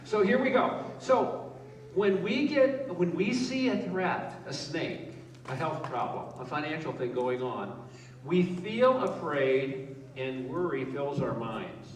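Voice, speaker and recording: A male pastor gives a conversational sermon in a church hall before a live congregation, asking them questions and joking with them. His voice is a little high, animated, and slow, heard from a distance in an echoey hall with a little hiss or hum.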